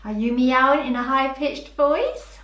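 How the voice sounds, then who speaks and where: A woman teacher giving a preschool phonics lesson, talking slowly to small children in a sing-song, animated way. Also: high voice. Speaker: early years teacher. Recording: roomy echoey room.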